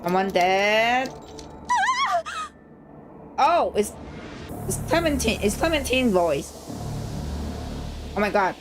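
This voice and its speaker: Excitable woman streamer reading a game. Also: medium pitch, slow pace, pauses often, very noisy. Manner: excitable, swears freely, frequent shocked reactions. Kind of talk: reading a story game aloud with live reactions.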